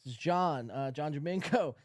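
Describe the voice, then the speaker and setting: A man's voice: fairly high pitch, normal speed, darkish tone, no room sound, studio quality. A man hosting a podcast, ranting in a sarcastic, profane, rambling way. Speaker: podcast host. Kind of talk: ranting commentary.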